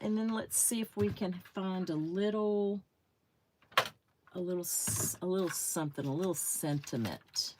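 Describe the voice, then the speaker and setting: A woman's voice: low-pitched, a little hiss or hum. A middle-aged woman chatting casually with viewers while crafting on a livestream, greeting them by name and thinking aloud.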